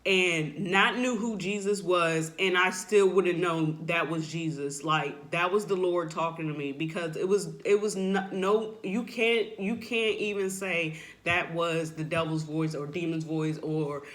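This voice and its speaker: Slow, earnest woman sharing her testimony. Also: fairly low pitch, steady tone. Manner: earnest, halting, fills with "like" and "you know"; emotional, voice drops softly at times. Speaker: person sharing a faith testimony. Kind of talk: heartfelt personal testimony, unscripted.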